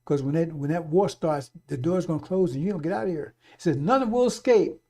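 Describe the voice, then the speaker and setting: Urgent, profane man preaching on live radio. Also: fast. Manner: urgent and repetitive, swings from loud exhortation to low muttering; blunt and profane, calls out to brothers and sisters.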